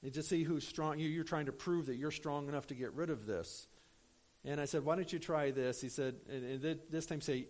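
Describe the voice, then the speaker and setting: A man's voice: fairly high pitch, a little fast, darkish tone. A man preaching a sermon in a conversational, storytelling way, with frequent fillers and asides to the congregation. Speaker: pastor.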